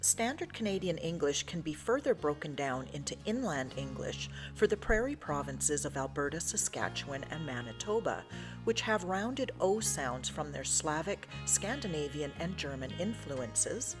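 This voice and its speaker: Low-voiced woman narrator, lively. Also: normal speed. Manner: explanatory, careful. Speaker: channel host. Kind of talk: scripted narration. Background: music.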